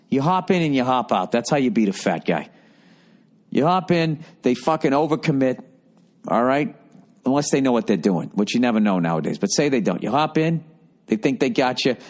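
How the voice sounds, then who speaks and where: A middle-aged man hosting a podcast, giving advice in a profane, sarcastic, rambling monologue. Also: medium pitch. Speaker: podcast host.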